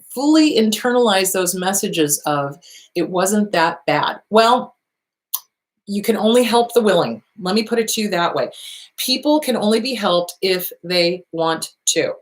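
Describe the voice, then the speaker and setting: A middle-aged woman therapist answering viewer questions in a casual advice show, blunt and animated, swearing freely. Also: mid-range voice.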